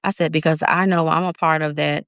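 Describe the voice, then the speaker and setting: A woman's voice: brisk, no echo, studio quality. A woman in her thirties telling a personal story in a casual interview, acting out her own quoted words. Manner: animated, acts out her own quotes with big pitch jumps. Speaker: interview guest.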